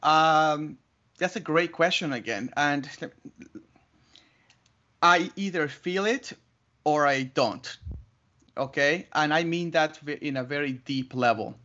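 A man telling his story as an interview guest, lively, laughing often and acting out other voices. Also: a little high, slow, pauses often. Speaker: interview guest, wedding photographer. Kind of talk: animated storytelling. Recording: muffled lo-fi audio.

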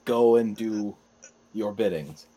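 Dry, measured man on a podcast. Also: lowish voice, mellow. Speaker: podcast co-host. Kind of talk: casual podcast chat.

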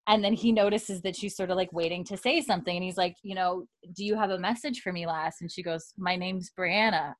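A woman's voice: on the low side, fairly even intonation, a little fast, hardly any pauses, no echo. A woman on a casual podcast, recapping a TV episode scene by scene, quoting the characters and laughing often. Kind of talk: animated casual storytelling with quoted dialogue.

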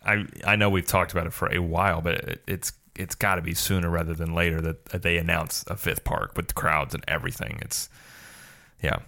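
A man in his thirties co-hosting a relaxed podcast with a fairly low voice. He reads long news items aloud, then drifts into joking asides and playful banter. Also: creaky. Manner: jokey, quick asides, playful exaggerated voices. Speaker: podcast co-host. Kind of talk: casual podcast chat, reading news aloud.

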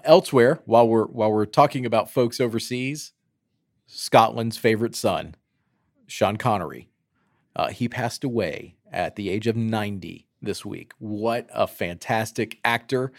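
A man's voice: fairly low pitch, unhurried, creaky, no echo, clean studio sound. A man co-hosting a casual talk show, easygoing and joking, with many fillers. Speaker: podcast co-host. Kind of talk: casual chat, news roundup.

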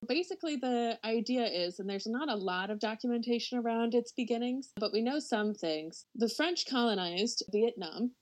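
A woman's voice: a little high, lively intonation, normal speed, few pauses, a little mellow, poor audio. A woman hosting a podcast, from the United States, talking casually with frequent laughs and fillers. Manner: chatty, laughs often, frequent "like". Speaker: podcast co-host presenting a topic.

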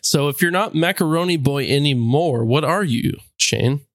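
A man's voice: a little high, normal speed, a bit bright, no echo, studio quality. A man hosting a tabletop game podcast as game master, easygoing and laughing along with the players. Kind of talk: casual podcast chat.

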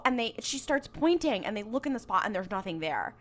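A woman's voice: medium pitch, very animated, a little fast, fairly bright tone. A woman co-hosting a podcast, retelling a TV episode in a rambling way, full of fillers and quoted bits. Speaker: podcast co-host. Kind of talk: casual chat recapping a TV episode.

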